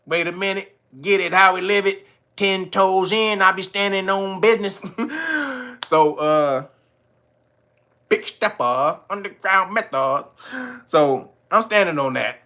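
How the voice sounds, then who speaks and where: A man's voice: high voice, slow pace. A man hosting a livestream, reacting to news in casual slang and laughing often. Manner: laughs a lot, slangy, animated. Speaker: livestream host.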